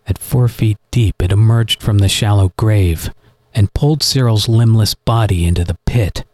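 A man reading a horror story aloud in an expressive, dramatic narrating style. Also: on the low side, moderate pace, dry recording. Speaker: audiobook narrator.

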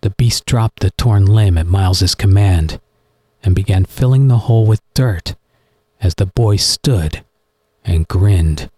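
A man reading a horror story aloud in an expressive, dramatic narrating style. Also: low voice, unhurried, husky, no echo. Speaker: audiobook narrator.

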